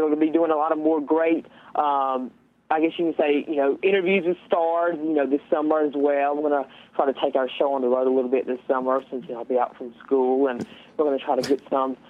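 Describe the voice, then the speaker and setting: A teenage man from Georgia with a Southern accent, calling in as a guest, talking with many hesitant fillers. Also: on the high side. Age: teens. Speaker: phone-in guest. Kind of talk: casual phone interview. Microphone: phone. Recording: tinny phone line.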